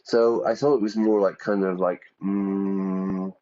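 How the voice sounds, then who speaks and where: Male streamer-teacher, low voice, chatty check-ins, slightly muffled lo-fi recording. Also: steady tone, slow, mellow, faint music behind. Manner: chatty, checks in with frequent "yeah?". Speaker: English teacher streaming a game. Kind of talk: casual teaching while gaming.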